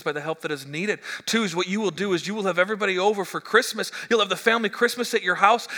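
A middle-aged man preaching a sermon as pastor, animated and joking, stumbling into quick restarts. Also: high voice. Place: church hall. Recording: echoey church hall.

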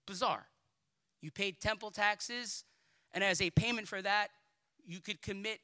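A man preaching a sermon as pastor, pleading and emphatic, dropping into casual asides and repeating himself when he builds up steam. His voice sits fairly high and rings with a very bright, forceful, cutting edge. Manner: colloquial asides and repeated words.

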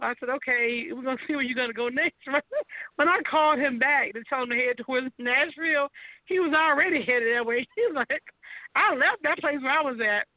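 A woman's voice: high voice, no echo. A woman hosting a group call, teasing the others and laughing often as she talks. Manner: laughs a lot while teasing. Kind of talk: casual chat. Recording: phone-like line.

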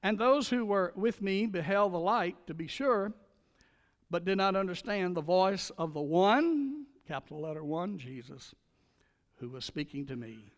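A man's voice: high voice, lively intonation, a little slow. An older man preaching a sermon as pastor, retelling scripture with dramatic emphasis. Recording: long reverb of a large hall.

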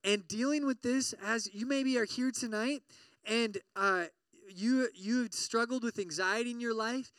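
A man preaching to college students, animated, asking the crowd questions and acting out worried inner voices. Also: extremely high pitch, unhurried, clean tone, no echo, distant mic. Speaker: pastor.

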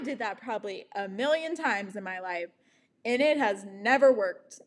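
A woman's voice: medium pitch, animated, normal speed. A woman in her twenties talking candidly to camera about her relationships and self-love, frank and profane, laughing at herself. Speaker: vlogger. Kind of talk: candid personal storytelling to camera.

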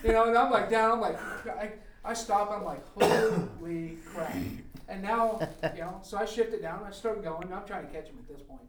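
A man's voice: high voice, brisk, few pauses, a bit bright, slight background noise. A man telling a funny story in casual chat, laughing as he goes. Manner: laughs through his story. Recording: echoey, distant from the mic.

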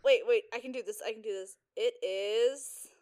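A woman's voice: fairly high pitch, normal speed, a little mellow. A woman co-hosting a podcast in casual chat, blunt and opinionated, swearing and giggling. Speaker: podcast co-host.

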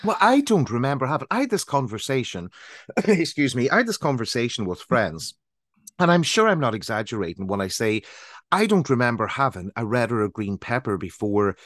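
A man in his forties from Northern Ireland co-hosts a podcast, rambling through personal anecdotes in casual chat. His mid-range voice is very animated, a bit bright and slightly fast, recorded at studio quality with no echo.

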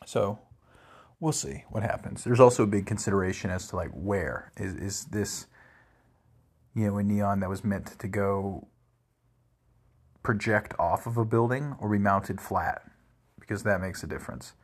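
A man's voice: on the low side, moderate pace, pauses often, husky. A man telling rambling everyday stories in a casual monologue, full of "like" and "crazy". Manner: rambling, animated, lots of "like" and "crazy".

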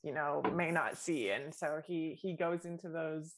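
A woman with a lowish voice hosts a casual podcast chat. She sounds friendly and affirming. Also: measured pace. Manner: friendly, affirming, laughs often. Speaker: podcast host.

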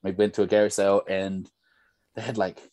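A man's voice: deep voice, flat delivery, fairly quick, darkish tone, dry recording. A young man, a podcast guest telling stories in a casual, rambling way full of "like" and "bro". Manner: rambling storyteller, lots of "like" and "bro". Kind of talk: casual chat.

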